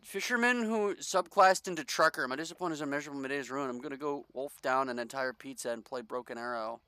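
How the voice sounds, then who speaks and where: Guy streaming a game, goofy sarcastic commentary, bright voice, very dry sound. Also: mid-range voice, fast talker, smooth, no room sound. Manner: jokey, sarcastic, reads game text aloud. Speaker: gaming streamer. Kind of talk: casual gameplay commentary.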